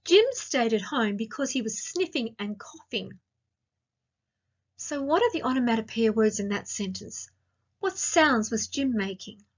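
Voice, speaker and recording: A woman teacher with an Australian accent, giving a recorded grammar lesson to young children and asking slow, clear, sing-song questions. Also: a little high, expressive, lo-fi sound. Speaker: primary school teacher.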